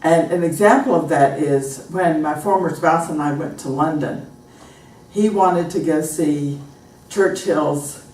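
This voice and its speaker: American teacher, low voice, echoey room. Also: female voice, recorded from a distance. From United States. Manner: animated storytelling, acts out example phrases. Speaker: pronunciation teacher. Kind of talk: classroom lesson with anecdotes. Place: classroom. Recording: echoey room, recorded from afar.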